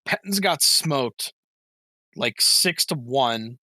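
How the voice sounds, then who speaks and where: A man's voice: mid-range voice, expressive, takes it slowly, bright, forceful tone, no echo. A man co-hosting a casual podcast, rambling fondly through a memory with lots of fillers. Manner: rambling, fond reminiscing with fillers. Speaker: podcast co-host. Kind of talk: casual chat among friends.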